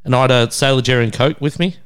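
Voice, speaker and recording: Rapid-fire and fairly bright, his mid-range voice has a clean tone. He's an Australian podcast co-host in his thirties, crude and laughing, acting out the quoted voices in his casual storytelling.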